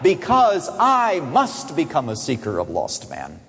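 Animated preacher in a big echoing hall. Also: male voice, a little slow, vocal fry, husky. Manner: animated preaching, swinging from soaring emphasis to hushed low asides. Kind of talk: sermon. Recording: long echo of a large hall.

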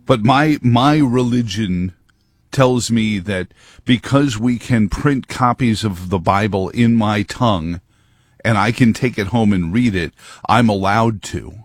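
A man's voice: fairly low pitch, measured pace, dry recording. A man hosting a talk show, giving a rambling, emphatic monologue into a close mic. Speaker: radio talk host. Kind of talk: opinionated monologue.

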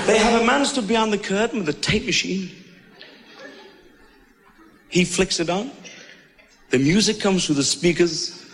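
A man's voice: sits high, fairly bright tone. A man doing stand-up patter on stage, mock-indignant and theatrically announcing. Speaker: stand-up comedian. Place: live stage. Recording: very noisy live recording.

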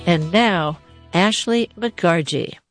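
A woman with a fairly low voice hosts a radio interview, posing questions in a measured, conversational manner. The close studio mic gives a dry sound with no room echo, and faint music sits underneath at times. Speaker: radio show host.

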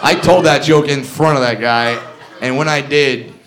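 A man doing a loud, animated stand-up comedy set in a club, telling stories with punchy asides. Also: medium pitch, moderate pace. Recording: live club recording with crowd noise. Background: audience laughter.

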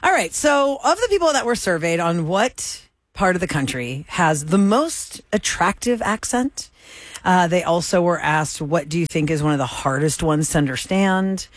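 Animated radio host with a dry sound. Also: medium pitch, normal speed, no echo. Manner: lively, explains and leads segments. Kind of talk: casual on-air banter.

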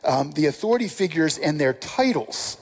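Husky, animated preacher. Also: medium pitch, normal speed. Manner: earnest, rhetorical questions to the congregation. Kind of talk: sermon on a scripture passage.

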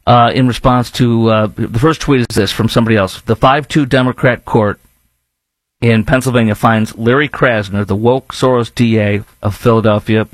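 A man's voice: medium pitch, steady tone, normal speed, dry recording. A man hosting a talk radio show, speaking in an emphatic, rambling monologue with restarts, now and then mocking others in put-on voices.

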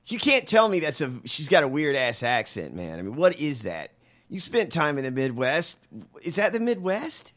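A man's voice: a little high, normal speed. A man hosting a podcast, reacting to a clip with incredulous, profanity-laced casual commentary. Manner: incredulous, animated, swears a lot. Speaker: podcast host.

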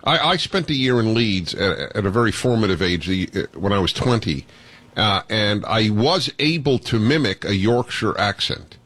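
A man's voice: lowish voice, animated, normal speed, fairly bright tone. A man hosting a radio talk show, jovial and laughing easily while he interviews a guest.

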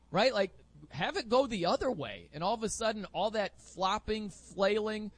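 A man hosting sports talk radio in an energetic, emphatic, opinionated way from a studio. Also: high voice, moderate pace, no room sound.

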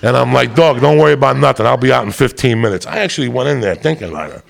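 A middle-aged man doing stand-up, telling a rowdy, profane story and swinging up to loud shouts. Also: mid-range voice, animated, fast talker. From New Jersey area. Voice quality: gravelly. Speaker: stand-up comedian.

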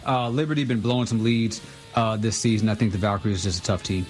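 A man's voice: on the low side, fairly even intonation, fast, soft background music. A man as a studio guest on a sports radio show, making picks in an easygoing, amused way. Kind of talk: casual sports betting chat.

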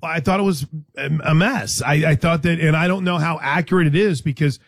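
A slightly high-voiced man hosts a sports talk show, speaking casually and jumping between half-finished thoughts. He teases his co-host. The sound is dry and close, with almost no room in it. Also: a little fast, dry recording. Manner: chatty, teasing, many restarts.

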